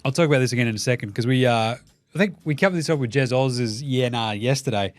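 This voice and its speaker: A fast-talking Australian host of a comedic sports show curses freely and acts out the people he's quoting in the middle of his rants. His voice sits in the mid range, with no room sound and faint music underneath.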